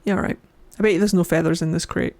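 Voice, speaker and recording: A woman's voice: fairly low pitch, fairly even intonation, quick pace, gravelly, a little mellow. A woman streaming a game in a casual, chatty way, reading the dialogue aloud and joking, with many filler likes and frequent giggles. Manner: playful and giggly, with frequent laughs. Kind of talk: casual let's-play commentary, reading game text aloud.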